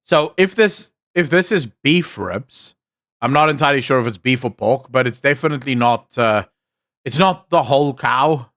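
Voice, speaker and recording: A man's voice: medium pitch, animated, moderate pace, fairly bright tone, no room sound, studio quality. A man with a South African accent, giving casual, enthusiastic reaction commentary on a stream, joking and swearing freely.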